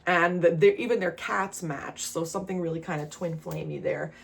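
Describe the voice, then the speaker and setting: A woman's voice: on the low side, moderate pace, creaky. A woman with a New Jersey accent giving a casual tarot reading straight to the viewer, chatty and laughing often. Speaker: tarot reader.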